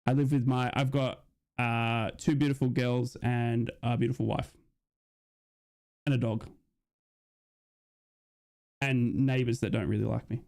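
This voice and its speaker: An Australian man streaming a football watch-along, chatting with viewers in a rambling, excitable way and often asking "you know what I mean?". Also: mid-range voice, measured pace, creaky, long pauses. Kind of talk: live commentary chat with viewers.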